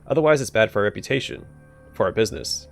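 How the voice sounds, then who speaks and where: Man doing a cocky old loan-shark thief for a game, lively pitch, soft music behind. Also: fast, creaky. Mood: swaggering. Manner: swaggering, breezy slang with threats.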